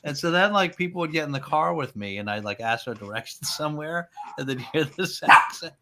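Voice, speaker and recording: A man's voice: on the high side, animated, fairly quick, hardly any pauses, noisy background. A man chatting casually as a guest, telling stories animatedly and laughing easily. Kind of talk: casual chat.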